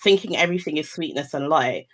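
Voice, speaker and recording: A woman's voice: low voice, quick pace. Candid woman chatting. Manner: candid, animated storytelling with acted-out quotes. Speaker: guest. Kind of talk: casual chat.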